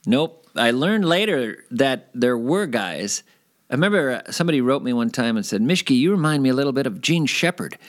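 A former radio host telling stories in a casual interview, animated and rambling, sometimes self-deprecating. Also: male voice, medium pitch, normal speed.

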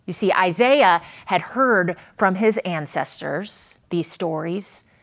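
A woman preaching a sermon, earnest, with dramatic pauses and a voice that swells and drops. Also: on the low side, animated. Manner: earnest, dramatic pauses, rises and falls in volume.

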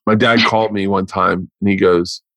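A man in his forties, a comedian hosting a podcast, telling stories in a casual, profane, animated way. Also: low-pitched, normal speed, no echo. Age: 40s. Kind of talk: casual storytelling chat.

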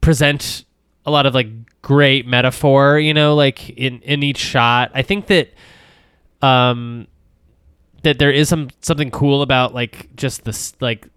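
A man chats loosely about films as a podcast co-host, trailing off and restarting with plenty of fillers. His voice is smooth and clear at a middling pitch. The sound is dry and close, with no room echo. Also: steady tone, a little slow, fairly bright tone. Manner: rambling, many fillers and restarts, laughs often, swears casually. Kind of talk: casual film discussion.

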